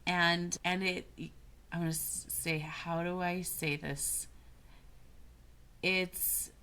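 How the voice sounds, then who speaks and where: Low-voiced woman speaking thoughtfully. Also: little pitch movement, slow pace, bright, forceful tone, smooth. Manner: thoughtful, searching for words, restarts mid-phrase. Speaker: guest, business coach. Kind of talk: reflective podcast conversation.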